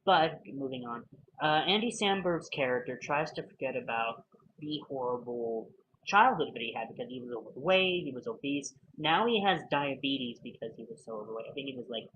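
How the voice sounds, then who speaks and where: Man, casual film reviewer, rambling and filler-heavy, mid pitch, dull lo-fi sound. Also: lively intonation, fairly quick, a little hiss or hum. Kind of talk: casual spoken video review.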